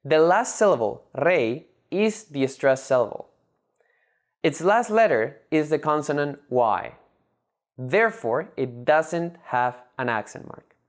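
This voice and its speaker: A language teacher giving a scripted lesson narration, measured and methodical, breaking words into syllables. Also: medium pitch, animated.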